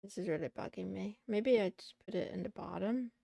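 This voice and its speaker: A woman's voice: medium pitch, a little fast, vocal fry, mellow, no echo, studio quality. A woman VTuber streamer in casual livestream chatter while studying, muttering to herself and slipping in playful meows and silly sounds.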